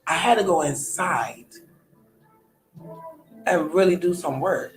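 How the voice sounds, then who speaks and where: A woman's voice: on the low side, takes it slowly, echoey room, soft background music, poor audio. A woman in her thirties, a podcast host, talking candidly in a personal monologue, colloquial, often trailing off and restarting. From United States.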